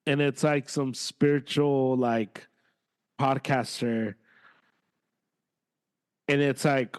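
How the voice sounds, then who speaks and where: A man co-hosting a podcast in casual chat, animated and given to sudden jumps in pitch when exasperated. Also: slow, long pauses, clear, resonant tone. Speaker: podcast co-host.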